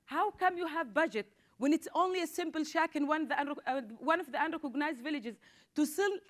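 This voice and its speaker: A woman's voice: sits high, lively intonation, brisk. A woman in her forties from southern Israel, a social worker speaking on a panel in an earnest, urgent way, often repeating words as she builds her point. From southern Israel (Negev). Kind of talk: impassioned panel talk.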